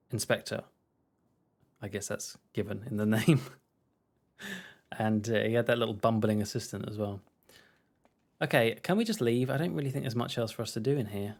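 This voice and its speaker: A man's voice: mid-range voice, creaky. A man casually chatting and rambling while streaming a game. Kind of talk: casual let's-play commentary.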